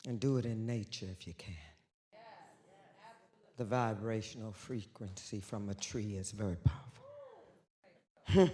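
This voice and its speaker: A woman speaking as an author and guest on a theater stage, loud and bawdy, swinging between shouts and hushed whispers. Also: very deep voice, fairly even intonation, unhurried, pauses often. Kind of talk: animated live stage talk. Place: theater stage before an audience.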